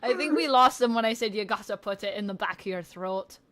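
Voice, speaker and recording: A woman's voice: mid-range voice, a little fast, fairly bright tone. A woman hosting a casual tabletop game stream over a video call, laughing often and trailing off with fillers.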